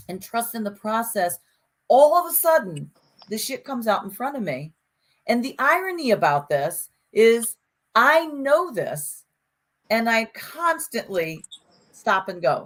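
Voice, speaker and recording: Animated woman co-host chatting. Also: fairly high pitch, unhurried. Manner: animated storyteller, frequent restarts and acted-out quotes. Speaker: podcast co-host. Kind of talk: casual conversation.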